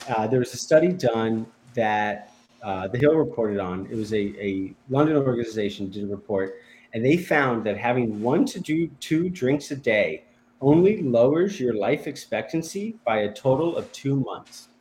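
A man's voice: medium pitch, expressive, moderate pace, darkish tone. Guy guest on a radio show, chatty, laughs a lot, a little hiss in the background. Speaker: guest editor. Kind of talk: casual radio chat.

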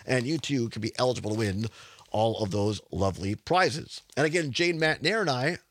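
A man's voice: medium pitch, animated, moderate pace, fairly bright tone. A man hosting a radio talk show, chatty and rambling, laughing often. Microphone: studio microphone.

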